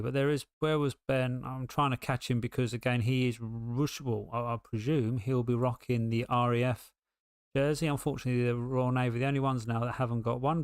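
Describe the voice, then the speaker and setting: British male stream commentator, casual and rambling, smooth mid-pitched voice. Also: dry recording, clean studio sound. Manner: chatty, rambling, many ums and restarts. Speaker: race commentator. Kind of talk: casual live esports commentary.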